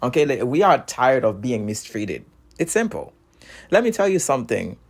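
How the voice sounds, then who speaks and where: Man, non-native accent, heated casual monologue, repetitive, laughs between points, mid pitch. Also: very animated, moderate pace. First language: not English. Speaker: commentator.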